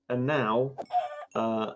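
A man's voice: medium pitch, drawn-out words, noisy background. A man chatting during a game, wry and rambling, spinning mock-profound musings. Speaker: gaming partner. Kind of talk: casual gameplay chat.

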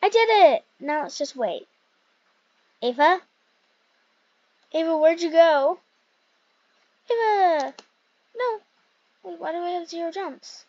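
Young woman gamer, high voice, chatty and rambling, dry slightly muffled mic. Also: unhurried, long pauses. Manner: chatty, rambling, excitable with frequent fillers. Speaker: gaming youtuber. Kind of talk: casual gameplay commentary.

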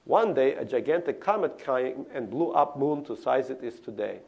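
A man's voice: medium pitch, animated, normal speed, creaky, a little mellow. A man voicing an earnest eleven-year-old immigrant boy with a Russian accent, proudly reading his own story aloud during a memoir reading.

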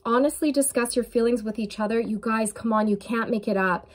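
A woman's voice: fairly high pitch, moderate pace. A woman giving a channeled tarot reading to her viewers, earnest and intuitive, talking straight to the listener. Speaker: tarot reader.

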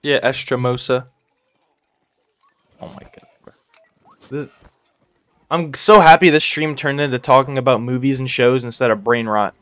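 This one is a dry recording of a young man chatting through a live game stream. His mid-range voice is steady and fairly bright, moving at a moderate pace, as he rambles in slang, laughs a lot, and says "bro" to everyone nonstop.

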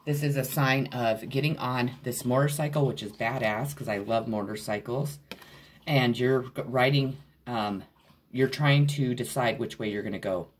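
A man doing a casual tarot reading, talking straight to the viewer in a blunt, loose way. His pitch sits in an ordinary middle range, and he swears freely as he goes. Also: normal speed, breathy edge. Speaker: tarot reader. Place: at home.

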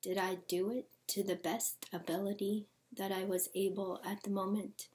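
A woman's voice: mid-range voice, flat delivery, moderate pace, darkish tone. A woman performing dramatic spoken-word poetry, theatrical and often dropping into whispers.

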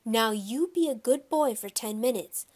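A woman's voice: a little high, lively intonation, unhurried. A woman voicing a hesitant, coaxing young mother in a children's story. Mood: anxious. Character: anxious, gentle young mother.

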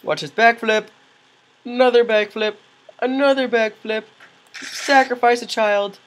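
A man doing goofy, excitable let's play commentary, yelling reactions and cracking self-mocking jokes. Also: extremely high pitch, measured pace, low-quality recording. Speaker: gaming commentator.

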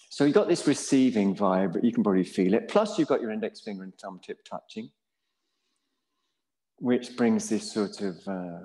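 A man teaching a yoga class in a Buddhist centre studio, relaxed and joking about himself as he guides the students. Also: on the low side, rough recording. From England. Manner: relaxed and jokey, self-mocking asides.

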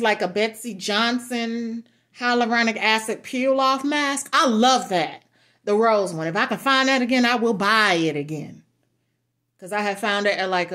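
A woman's voice: fairly high pitch, fairly bright tone. A woman vlogger chatting casually through product reviews, blunt and frank, cussing freely and laughing often. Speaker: beauty and lifestyle vlogger.

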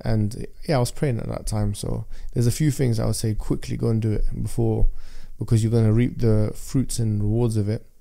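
A man's voice: on the low side, flat delivery, a little fast, creaky, few pauses, dark tone. A man with a London accent, a guest on an interview show, chatting casually and thinking aloud as he restarts his sentences. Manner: thoughtful, restarts often, laughs easily. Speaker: guest, debater.

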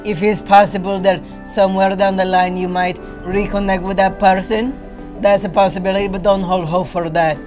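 A woman giving steady, earnest breakup advice in a put-on character voice. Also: mid-range voice, moderate pace, over music. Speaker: guest giving dating advice.

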